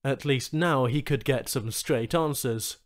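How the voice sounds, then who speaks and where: A man's voice: medium pitch, measured pace. A man reading a science fiction short story aloud as an audiobook narrator. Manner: expressive storytelling. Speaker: audiobook reader. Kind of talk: scripted narration.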